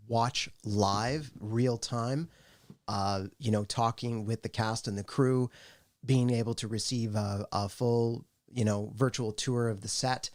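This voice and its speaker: A man co-hosting a casual livestream, speaking easily and rambling with lots of "you know." His pitch sits in the middle range for a man. Nothing else marks the sound. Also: a little mellow. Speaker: co-host.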